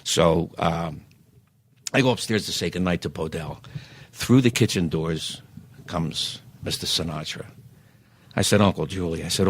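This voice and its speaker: A man, telling lively anecdotes as a podcast guest and acting out the dialogue. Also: deep voice, husky, dry recording. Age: 70s. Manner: animated raconteur who acts out quoted dialogue. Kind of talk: anecdotal storytelling.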